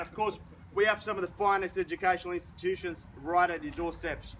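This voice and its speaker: A showy Australian auctioneer works a crowd outdoors, his voice sitting fairly high as he rolls through the sales patter. Faint street noise hums behind him. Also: little pitch movement, a little fast, a bit bright, rough recording.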